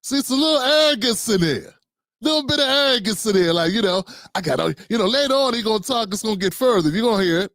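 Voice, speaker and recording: A man hosting a livestream and delivering animated, sarcastic commentary. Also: high-pitched, fast talker, no room sound, studio quality. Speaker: show host and commentator.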